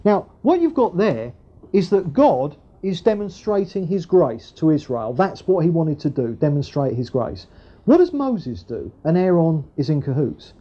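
A man preaches in a relaxed, conversational way, often checking in with his listeners through tag questions. His voice is warm and mellow and swings widely in pitch. The recording sounds dull and lo-fi. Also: measured pace. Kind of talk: sermon with Bible reading.

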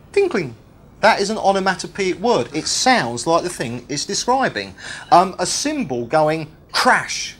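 Lively man teaching Bible study. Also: high voice. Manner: lively and jokey, stretches and repeats key words.

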